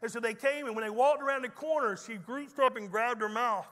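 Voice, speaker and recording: Bright-voiced high pastor preaching. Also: male voice, fairly quick, long reverb tail. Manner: folksy storytelling preacher with teasing humor. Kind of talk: sermon. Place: church sanctuary.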